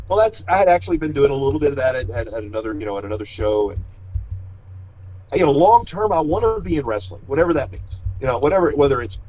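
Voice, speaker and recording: A man's voice: fairly high pitch, darkish tone. A middle-aged man, a wrestler being interviewed, telling stories in a rambling way and often restarting his sentences. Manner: rambling, self-correcting, storytelling. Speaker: wrestler and guest. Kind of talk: casual interview talk. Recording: slightly dull lo-fi audio.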